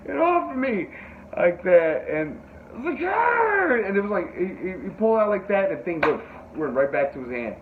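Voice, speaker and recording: A man hosting a casual podcast, telling a rambling, animated story full of fillers and swearing, and jumping into high yelps when he quotes people. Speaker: podcast host. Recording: tinny phone-like sound with faint noise.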